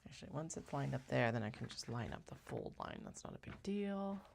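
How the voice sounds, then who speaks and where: A woman with a low, gravelly voice talks her way through a sewing job on a live stream. Her pitch swings widely as she chats, wry and self-mocking, with the odd curse. It sounds like easygoing running commentary. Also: huge pitch swings, fairly quick, darkish tone, a little hiss or hum. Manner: chatty, wry, swears and laughs at herself. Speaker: sewist hosting a craft live stream. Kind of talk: casual running commentary while working.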